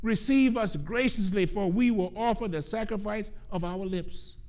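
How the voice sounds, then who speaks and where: A man preaching a sermon, earnest and emphatic, repeating key phrases and slowing down to stress quoted scripture. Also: high-pitched, darkish tone.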